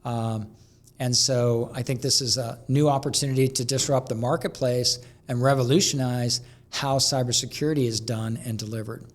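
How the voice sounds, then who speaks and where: A man being interviewed as a guest, telling energetic stories and often restarting mid-sentence. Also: mid-range voice, normal speed. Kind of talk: conversational interview storytelling.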